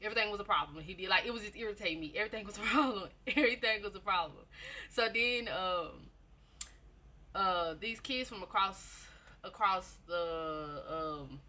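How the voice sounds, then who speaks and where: A woman's voice: lowish voice, pushed and bright. A woman giving a casual personal testimony, chatty and repetitive, often speaking straight to her listeners. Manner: chatty storytelling, repeats phrases, addresses listeners directly.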